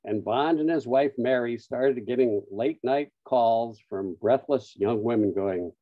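A man presenting a webinar, telling an anecdote-filled story with frequent "uh" pauses. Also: medium pitch, no room sound. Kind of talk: storytelling talk. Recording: dull lo-fi online audio, dry.

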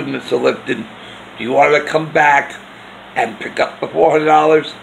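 A man voicing a polite, businesslike bank clerk on the phone in a gravelly voice. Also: mid-range voice, fairly bright tone, slight background noise, rough recording.

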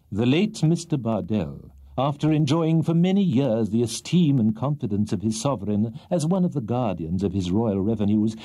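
Narrator putting on a grand, pompous courtroom barrister, slow and weighty, lively swoops in pitch, husky low voice. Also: male voice. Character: pompous middle-aged male trial barrister.

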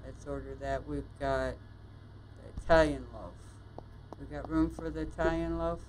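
A woman playing a bakery shop game, muttering to herself as she works, with quick exclamations and mild swearing. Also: low voice, little pitch movement, a little mellow, a little hiss or hum, rough recording. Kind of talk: casual let's-play commentary.

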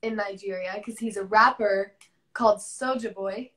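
A woman's voice: mid-range voice, steady tone, normal speed, fairly bright tone. A young woman co-hosting a casual live-stream chat, emphatic and enthusiastic, with a sore, worn throat. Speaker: co-host.

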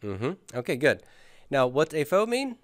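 In a classroom lecture with questions, a man teaching Hebrew grammar has students repeat after him as he patiently drills them. He speaks unhurriedly in a mid-range voice with big pitch swings, and there's no room sound.

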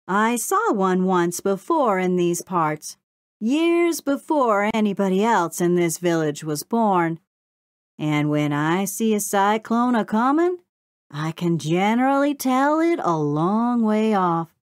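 A woman's voice: mid-range voice, very animated, slow pace, no room sound, clean studio sound. A woman voicing an old folksy beaver. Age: older.

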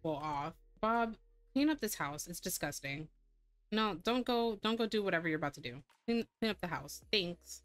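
A woman's voice: fairly low pitch, expressive, moderate pace, no room sound, faint music behind. A woman giving casual let's-play commentary, chatty and laughing often as she bosses her game characters around. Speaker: gameplay streamer.

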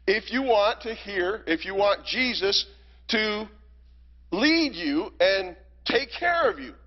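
Deacon, male, high voice, slow and emphatic teaching, dull lo-fi recording. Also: lively intonation. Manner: earnest, emphatic, with rhetorical questions. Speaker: deacon teaching a Bible class. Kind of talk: Bible study lesson. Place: church hall. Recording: reverberant lo-fi church hall recording.

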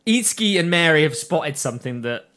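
A man's voice: a little high, lively intonation, a little fast, sharp tone. A man on a casual podcast, summarizing an anime plot, laughing and swearing with friends. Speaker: podcast host. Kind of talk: casual recap chat.

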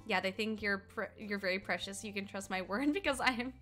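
A woman's voice: medium pitch, fairly quick, pushed and bright, faint music behind. A young woman from Colorado in her twenties, chatting casually with her stream while gaming, laughing often and answering chat. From Colorado, United States.

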